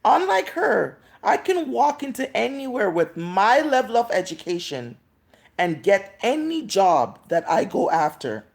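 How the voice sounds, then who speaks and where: Jamaican woman in her 30s going off on a live stream, voice jumps all over, gravelly. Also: medium pitch, big pitch swings, darkish tone. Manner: scolding, emphatic, drawn-out words. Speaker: vlogger.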